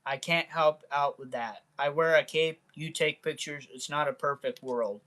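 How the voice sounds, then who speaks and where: A man's voice: a little high, steady tone, moderate pace, pushed and bright. A man reading aloud as a brooding masked male vigilante from a comic book, earnest and plain.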